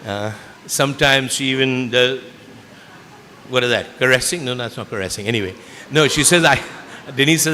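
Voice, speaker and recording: A man's voice: mid-range voice, moderate pace, long pauses, sharp tone, slight background noise. A man giving a motivational speech to students at a school event, often quizzing the audience with questions. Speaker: chief guest speaker. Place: school auditorium. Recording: echoey hall, faint ambience.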